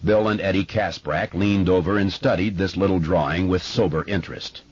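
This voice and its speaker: A man narrating an audiobook in a measured, expressive way, recorded in a studio. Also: sits low, husky, highs cut off. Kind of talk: scripted narration.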